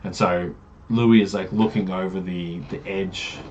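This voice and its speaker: Brief: casual game master recap, rambling with fillers, slightly low voice. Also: male voice, fairly even intonation, unhurried, darkish tone, highs cut off, a little hiss or hum. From Australia. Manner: rambling, many fillers and self-corrections. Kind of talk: casual campaign recap narration.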